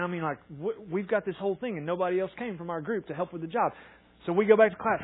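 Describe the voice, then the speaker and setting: A man preaching a sermon as a pastor, earnest, acting out quoted dialogue and swinging between loud and soft. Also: fairly high pitch, quick pace, breathy edge. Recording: tinny phone-like sound.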